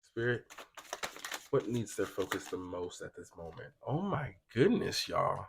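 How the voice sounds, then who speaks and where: A man's voice: low voice, very animated, a little slow, vocal fry, background noise. A young man giving a casual pick-a-card tarot reading, chatty and slangy, talking straight to his viewers. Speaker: tarot reader.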